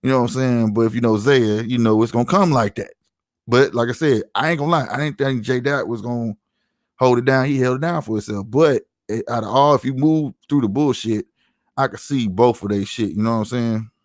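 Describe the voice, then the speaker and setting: St guy on a podcast, slangy storytelling, dry close sound, mid pitch. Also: fairly quick, dry recording. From St. Louis, USA. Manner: slangy, storytelling, lots of "you know what I'm saying". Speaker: podcast host. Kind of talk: casual podcast chat.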